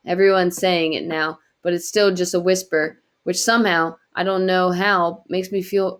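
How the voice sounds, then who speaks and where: A woman reading a novel aloud in quiet, earnest first-person narration. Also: on the low side. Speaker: audiobook reader.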